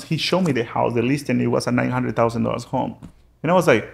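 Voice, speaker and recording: Creaky-voiced immigrant businessman telling stories. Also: fast talker. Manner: acts out quoted dialogue with sudden pitch jumps, frequent restarts. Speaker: real estate agent and business owner. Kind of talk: casual interview storytelling.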